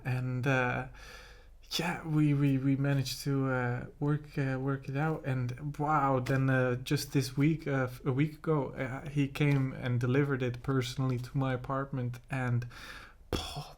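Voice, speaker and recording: Laid-back rambling man in home studio. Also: on the high side. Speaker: music producer and host. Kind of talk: casual studio vlog chat. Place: home studio in his apartment.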